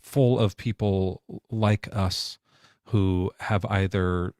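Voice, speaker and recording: Low-voiced man, dry close mic. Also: takes it slowly, clear, resonant tone, no room sound. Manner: animated, acts out quoted voices. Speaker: podcast host. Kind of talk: casual live-stream chat.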